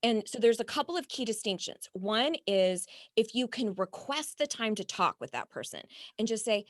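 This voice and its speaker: A woman's voice: on the high side, big pitch swings, normal speed, a bit bright, no room sound. Earnest woman coaching, dry close sound. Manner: earnest, explains with acted-out example dialogue. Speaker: podcast guest, life coach and hypnotherapist. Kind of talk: conversational podcast interview.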